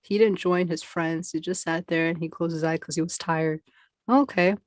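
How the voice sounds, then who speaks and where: Woman guest, casual talk, jokester, teasing and quick, dry recording. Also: lowish voice, fairly even intonation, a little mellow, no room sound. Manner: jokey, self-mocking, playful. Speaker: guest playing along with scenarios. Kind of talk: casual chat.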